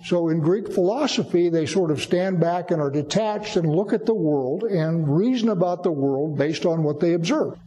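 A man's voice: fairly high pitch, normal speed, hardly any pauses, dark tone, long reverb tail, slight background noise, rough recording. A man giving a sermon, explaining and teaching with emphatic repetition. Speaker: preacher.

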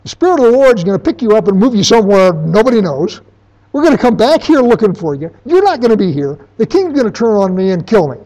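A man voicing a frightened royal servant who pleads in a high, panicked tone. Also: animated, moderate pace, warm tone. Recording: dull lo-fi recording.

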